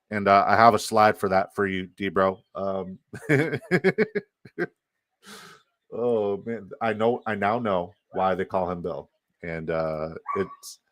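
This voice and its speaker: A man's voice: on the low side, fairly bright tone, dry recording. A man with a Canadian accent, hosting a live fantasy football stream, rambling and swearing as he reacts to chat.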